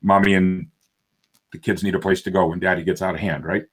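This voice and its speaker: Low-voiced man telling a lively story. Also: a little fast, breathy edge. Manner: animated storyteller, acts out quoted voices. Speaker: self-published author. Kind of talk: storytelling in a panel video chat.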